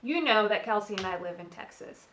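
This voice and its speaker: A woman's voice: medium pitch, animated, a little fast, fairly bright tone, reverberant, slight background noise, low-quality recording. A young adult woman from California hosting a casual solo opinion talk, chatty and frank, with many fillers and restarts. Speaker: podcast co-host.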